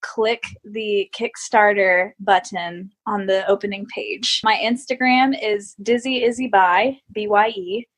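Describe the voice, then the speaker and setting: A woman's voice: mid-range voice, steady tone, measured pace, few pauses. A young woman guest, a teacher and musician, telling casual stories in an informal, giggly way. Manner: giggly, informal, lots of likes. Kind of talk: casual storytelling in an interview.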